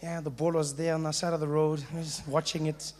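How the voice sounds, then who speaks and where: A young South African man doing animated stand-up storytelling, acting out voices as he goes. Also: on the high side, fairly quick. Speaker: stand-up comedian.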